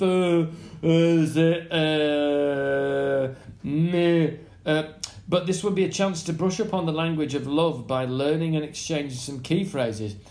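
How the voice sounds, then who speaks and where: A man's voice: fairly high pitch, darkish tone, reverberant. A middle-aged Englishman co-hosting a podcast, chatting casually and joking with mock French and put-on voices. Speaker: podcast co-host. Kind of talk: casual chat, reading listener suggestions.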